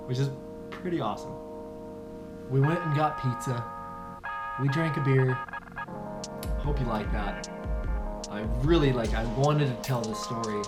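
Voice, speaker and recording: A man narrating his own paragliding flight in a casual vlog voice-over, animated, swearing freely and calling his viewers folks. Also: mid-range voice, a little slow, pauses often, music in the background.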